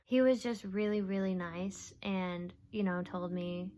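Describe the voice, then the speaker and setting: A woman's voice: medium pitch, a little slow. A young woman talking casually in a confessional vlog, rambling and oversharing with lots of fillers, sometimes dropping to a whisper. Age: young adult. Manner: rambling, oversharing, with frequent fillers and soft laughs. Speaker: vlogger.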